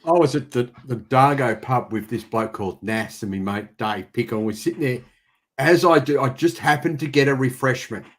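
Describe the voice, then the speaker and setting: A man's voice: medium pitch, moderate pace. An Australian man, a guest on a live stream, chatting casually and telling dry, joking stories. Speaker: guest YouTuber.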